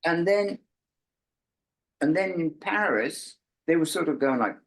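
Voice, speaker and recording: A man's voice: normal speed, low-quality recording. An older man from England, a musician guest in an interview, telling stories and acting out the dialogue of the people in them. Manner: animated storyteller, acts out quoted dialogue with big pitch jumps. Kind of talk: casual storytelling interview.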